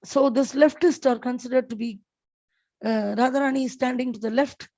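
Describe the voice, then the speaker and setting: A woman's voice: sits high, fairly even intonation, moderate pace, mellow, dull audio. A woman giving a devotional scripture class, telling stories with many fillers and restarts. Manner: storytelling with frequent fillers and restarts.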